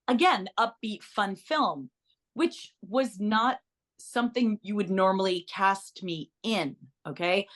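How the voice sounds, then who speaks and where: Middle-aged woman, actress guest, chatty, animated, restarts a lot, casual interview storytelling. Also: mid-range voice.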